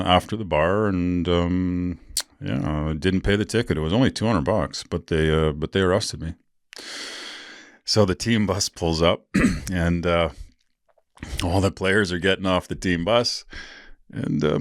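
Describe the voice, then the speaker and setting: A man with a very low voice and a dry, close sound talks casually on his podcast. He rambles through a candid story, swears freely and fills pauses with ums and uhs. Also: no room sound. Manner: rambling, candid and profane, with many fillers. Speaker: podcast host.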